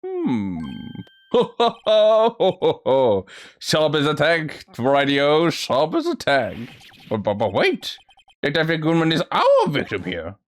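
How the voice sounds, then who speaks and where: A man's voice: on the high side, huge pitch swings, unhurried, no room sound. A man reading a courtroom game aloud and doing every character's voice himself, sometimes stumbling over words. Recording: faint music behind.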